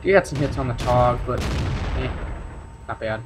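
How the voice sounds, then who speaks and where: A man hosting a gaming video, commenting casually on his match in a relaxed, rambling way with many fillers. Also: medium pitch, normal speed, background noise. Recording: voice over loud game sounds. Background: game engines and artillery fire.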